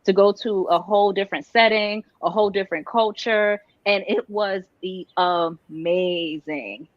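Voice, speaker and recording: A woman's voice: medium pitch, fairly even intonation, measured pace, dry recording, highs cut off. A woman, chatting reflectively with lots of fillers as a guest. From New York. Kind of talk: casual chat.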